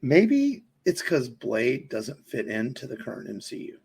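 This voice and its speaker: A man with a gravelly, husky voice talks casually on a podcast. He rambles and circles back with plenty of ums and restarts, at an ordinary pitch. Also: huge pitch swings, a little slow, darkish tone. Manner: rambling, many fillers and restarts. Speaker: podcast co-host. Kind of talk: casual film chat.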